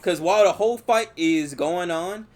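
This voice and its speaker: A man's voice: high-pitched, normal speed. Loose, swearing man hosting a podcast. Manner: loose, swears freely, animated retelling. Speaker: podcast host. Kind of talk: casual movie review chat.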